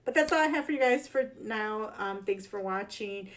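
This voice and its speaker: A woman's voice: medium pitch, expressive, moderate pace. A woman with a Chicago accent talking casually in a vlog, slangy, rambling and fired up. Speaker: vlogger.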